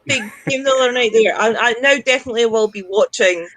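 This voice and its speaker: A woman's voice: a little high, quick pace, fairly bright tone, no room sound, rough recording. Laughing Scottish woman, dry sound. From Scotland. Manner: swears freely, laughs through rambling stories. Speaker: livestream guest. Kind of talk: casual chat.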